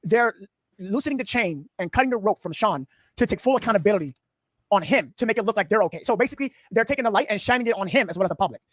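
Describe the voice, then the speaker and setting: A man's voice: sits high, animated, racing, no echo. A man hosting a livestream, chatting casually and reassuring a caller. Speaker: livestream host.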